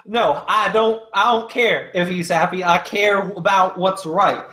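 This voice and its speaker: A man's voice: high voice, measured pace, sharp tone. A man playing a tabletop game over voice chat, earnestly arguing his case. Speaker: player. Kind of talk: in-character tabletop play.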